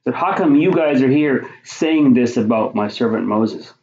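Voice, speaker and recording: A man preaching a sermon, teaching conversationally through scripture and rising to forceful emphasis on key points. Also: mid-range voice, animated, normal speed. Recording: roomy, dull lo-fi sound.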